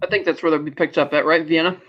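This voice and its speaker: A man co-hosting a podcast, recapping a movie in casual chat and slipping into quick character voices. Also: a little high, steady tone. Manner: retells scenes with quick offhand character voices. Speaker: podcast co-host. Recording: dull lo-fi audio.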